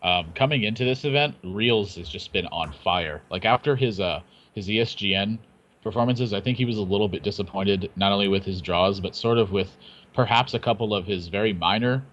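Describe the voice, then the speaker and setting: A man's voice: fairly low pitch, a little fast, fairly bright tone, highs cut off. A man talking casually on a gaming panel, easygoing and self-deprecating. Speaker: Hearthstone caster and panel host.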